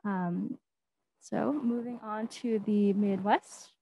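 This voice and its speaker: A woman's voice: mid-range voice, steady tone, slow, mellow, breathy edge. A woman teaching fellow explaining accents in an online class, with many ums and spoken examples. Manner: explanatory, with fillers and demonstrations. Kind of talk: online language lesson. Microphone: video call.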